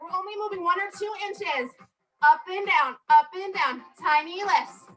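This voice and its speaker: A woman's voice: very high-pitched, moderate pace, a bit bright, poor audio. A woman leading a strength workout class, counting reps and cheering the class on in an upbeat way, a little out of breath. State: a bit out of breath. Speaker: fitness instructor.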